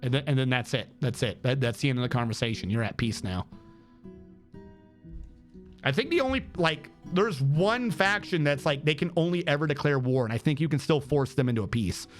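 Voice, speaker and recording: A male streamer giving rambling, excitable gameplay commentary with lots of fillers. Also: mid-range voice, fairly quick, soft background music.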